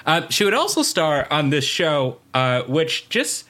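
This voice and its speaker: A man co-hosting a casual podcast, running through trivia with a bright, forceful voice. He piles on asides and filler words as he goes, in relaxed, chatty talk. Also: a little high, a little slow. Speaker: podcast co-host. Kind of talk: casual chat.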